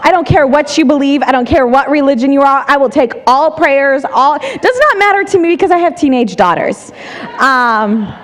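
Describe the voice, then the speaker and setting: A woman in her forties giving a motivational talk to women, animated and self-mocking as she tells stories. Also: high-pitched, normal speed. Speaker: seminar speaker.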